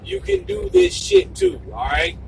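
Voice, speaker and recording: Male video blogger, heated repetitive monologue, gravelly edge, faint background hiss. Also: very high-pitched, big pitch swings, unhurried, far from the mic. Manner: fervent, profane, repetitive and emphatic, sometimes shouting. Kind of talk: impassioned monologue to camera.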